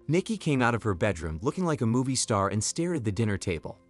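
A man reads a scripted drama story aloud in an expressive, even-paced manner. His pitch moves widely. Faint background music plays under the narration. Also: quick pace.

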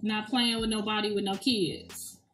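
A woman's voice: medium pitch, flat delivery, a little slow, a bit bright. Blunt profane woman in echoey room. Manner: blunt, profane, laughs often. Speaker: show host. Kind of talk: casual livestream chat. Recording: echoey room, distant mic, faint music.

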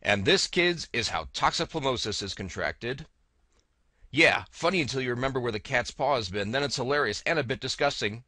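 Brief: bright-toned male vlogger, deadpan and wry, voice-over recorded close and dry. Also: mid-range voice, a little fast, no room sound. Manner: wry, deadpan storyteller reading out comments. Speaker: video creator narrating his own story. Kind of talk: casual narrated video diary.

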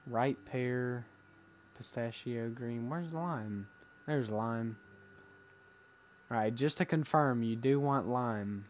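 A man's voice: medium pitch, slight background noise. A young man hosting a casual let's-play, joking and bantering in slangy talk while he plays. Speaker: gameplay host.

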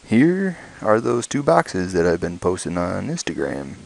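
A man unboxing motorcycle gear at home late at night, talking quietly and slipping into excited whispers so as not to wake a sleeping child. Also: low voice, unhurried, gravelly, rough recording. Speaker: motorcycle vlogger. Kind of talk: casual unboxing vlog.

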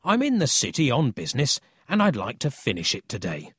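A man's voice: medium pitch, wildly swooping pitch, brisk, a bit bright, husky, no room sound, clean studio sound, exaggerated voice. A man voicing a sly adult thief who talks in a meek, wheedling way.

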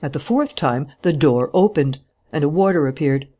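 Audiobook narrator, steady even read, mid pitch, plain delivery. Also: normal speed. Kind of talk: scripted narration.

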